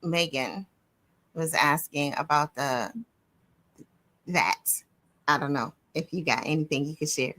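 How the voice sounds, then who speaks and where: A woman's voice: sits low, measured pace, pauses often, a bit bright. A woman co-hosting a live craft stream on a video call, reading out viewer comments and gushing with big swoops of surprise.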